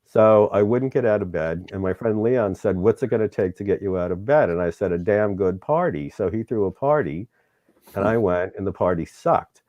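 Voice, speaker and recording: A middle-aged man with a low, mellow voice tells a personal story in an interview. He is candid and emotional, and he acts out the dialogue as he goes. The sound is dry and somewhat dull. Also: normal speed, dry recording. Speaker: show host being interviewed.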